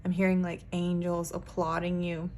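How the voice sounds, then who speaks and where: A woman's voice: on the low side, monotone, moderate pace, warm tone. A woman giving a pick-a-card tarot reading as a psychic reader, talking earnestly and emphatically with frequent "like".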